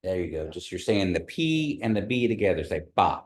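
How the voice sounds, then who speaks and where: This low-pitched man talks briskly and with great animation while teaching a language class. During the pronunciation lesson, he patiently models sounds and gets the learners to repeat them.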